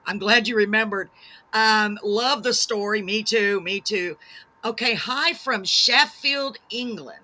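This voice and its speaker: A woman's voice: mid-range voice, a little slow, pushed and bright. A woman hosting a live-streamed talk show, reading out viewer comments in a gushing, bubbly, self-deprecating way.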